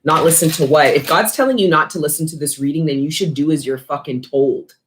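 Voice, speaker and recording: A woman's voice: low voice, fairly quick. A woman giving a casual spiritual tarot reading, talking bluntly with lots of swearing and street slang. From Canada. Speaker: tarot reader.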